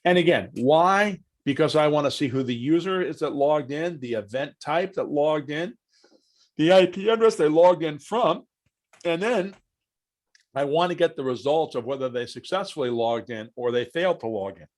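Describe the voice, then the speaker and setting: A man leading a live online software training, walking through each step aloud and quizzing the class with true-or-false questions. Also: a little high, normal speed. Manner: chatty, asks the class questions, walks through steps aloud.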